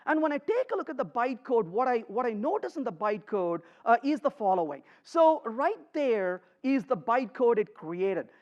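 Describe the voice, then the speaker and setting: A man giving a live coding talk to a conference audience, emphatic and lively, joking with the crowd. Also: very high voice, moderate pace, few pauses. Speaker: conference speaker. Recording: slightly muffled conference recording.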